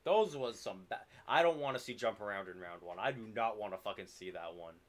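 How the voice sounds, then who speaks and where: A man streaming a video game, commenting live and swearing in loud frustrated outbursts. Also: lowish voice, lively intonation, quick pace.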